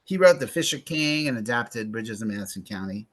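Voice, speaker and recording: Male host for a movie club chat: campy, sarcastic, gossipy, bright and lively. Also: medium pitch, brisk. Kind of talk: casual movie review chat.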